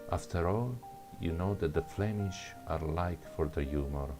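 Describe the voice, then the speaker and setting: A man reading the part of a joking male archer soldier, in a plain halting delivery. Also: low voice, over music. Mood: jesting. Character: wry grown male archer soldier, jesting.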